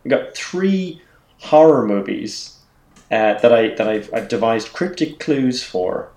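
A man with a mid-pitched voice hosts a casual podcast chat, stumbling over restarts in an amused way. His voice has a roomy echo around it. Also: animated, takes it slowly, darkish tone. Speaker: podcast host.

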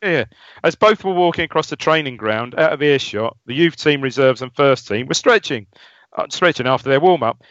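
A man's voice: mid-range voice, animated, a little fast, fairly bright tone, no room sound. A man co-hosting a casual football podcast, chatty and rambling with frequent laughs. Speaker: podcast co-host. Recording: dull lo-fi audio, dry.

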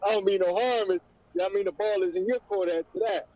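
A middle-aged man, talking in a relaxed casual chat and repeating "you know what I mean". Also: high-pitched, fast talker, dry recording. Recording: dry, dull lo-fi sound.

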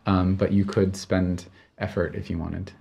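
A man narrating a tabletop game as game master, relaxed and halting, with many fillers. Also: low-pitched, gravelly.

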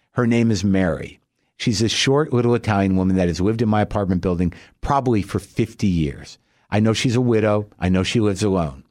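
A man hosting a podcast, telling a profane, ranting comic story in an animated way. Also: lowish voice, no echo, studio quality. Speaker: podcast host. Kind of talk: comic monologue.

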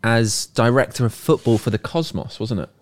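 A man hosting a football podcast, telling anecdotes in a quick, jokey way. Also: mid-range voice, animated. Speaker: podcast host. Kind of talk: casual podcast chat.

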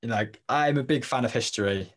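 A young Englishman with a London or Leicester accent speaks a little fast in a medium-pitched voice as a podcast guest. In this casual interview chat he rambles, interrupts himself, and jokes around.

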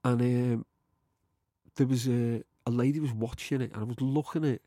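A man's voice: mid-range voice, fairly even intonation, normal speed, warm tone, no room sound, studio quality. A man with a Liverpool accent, a TV writer as podcast guest, telling a story in casual chat and rambling through lots of "like" and "you know".

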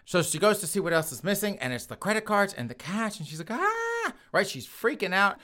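Guy hosting a comedy podcast, super animated, voice jumps all over, laughs a lot. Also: high-pitched, fast. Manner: animated, laughing, addresses listeners as folks. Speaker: podcast host. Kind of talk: comedic news commentary.

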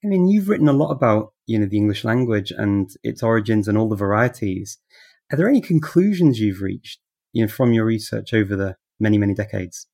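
A man's voice: on the low side, expressive, brisk, gravelly, mellow, no echo, studio quality. A man hosting an interview, asking questions in a chatty, enthusiastic way. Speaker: interviewer host. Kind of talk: conversational interview.

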